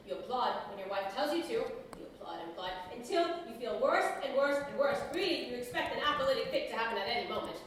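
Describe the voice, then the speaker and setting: A woman playing an overworked middle-aged husband, ranting through a theatrical comedy monologue that swings from loud to soft. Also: a little high, animated, quick pace, hardly any pauses, slight background noise, close to an everyday voice. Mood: weary complaining. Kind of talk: stage comedy acting. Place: theatre stage. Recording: echoey stage recording from far off.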